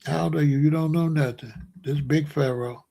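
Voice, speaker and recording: A man with a gravelly, creaky voice sitting a touch high for a man. He hosts a livestream and lectures his chat insistently, hammering the same points again and again. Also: fairly even intonation, moderate pace, dark tone, slight background noise. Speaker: streamer host. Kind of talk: livestream commentary answering chat.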